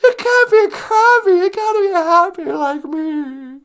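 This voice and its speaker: A man voicing an upbeat sidekick who scolds in a high falsetto. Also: animated, measured pace, a bit bright, exaggerated voice. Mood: chiding.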